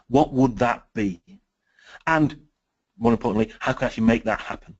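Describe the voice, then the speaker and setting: A man with a Sheffield accent giving a business webinar talk, telling lively stories and acting out the dialogue. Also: mid-range voice, a little fast, creaky, highs cut off. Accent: Sheffield English. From England. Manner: lively storytelling, acts out quoted dialogue. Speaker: business speaker.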